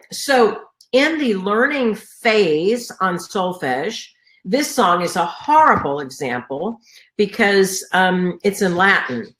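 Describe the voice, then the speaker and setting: A woman's voice: mid-range voice, lively intonation, slow pace, fairly bright tone. A middle-aged woman, congested from a sinus infection, giving an earnest conference talk on teaching choir, full of fillers and restarts. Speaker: choral music educator. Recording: echoey room recording.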